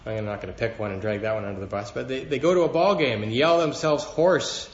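A man's voice: medium pitch, fairly quick, highs cut off. Earnest male preacher in a roomy hall. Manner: earnest, rising in emphasis when quoting scripture. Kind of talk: sermon.

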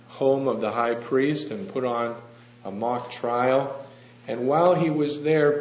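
A man preaching a sermon in a church hall, telling the story gently and asking the congregation questions. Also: medium pitch. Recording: echoey, slightly dull room with faint hum.

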